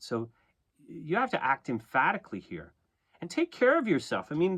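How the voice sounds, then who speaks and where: Male tarot reader, casual chat, lively pitch, keeps asking "okay?", laughs at himself. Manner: conversational, animated, frequent "okay?" and "right?" check-ins. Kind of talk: casual spoken tarot reading.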